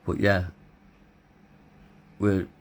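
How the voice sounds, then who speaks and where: Blunt, deep-voiced middle-aged man. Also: monotone, very slow, a little hiss or hum. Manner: blunt, candid, swears freely. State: hoarse, voice tiring. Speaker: vlogger. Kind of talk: personal storytelling.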